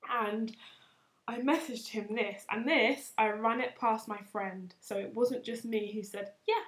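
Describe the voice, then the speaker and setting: A woman's voice: fairly high pitch, steady tone, a little slow, fairly bright tone. A woman in her twenties hosting a podcast, telling a story in a chatty, self-mocking way and laughing often. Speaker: podcast host. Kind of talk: casual storytelling.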